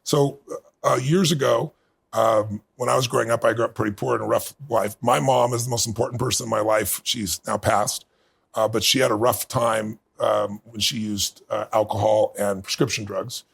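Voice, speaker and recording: A middle-aged man being interviewed, telling a personal story in earnest and building to bursts of excitement. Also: fairly low pitch, moderate pace. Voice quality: gravelly, husky. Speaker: guest.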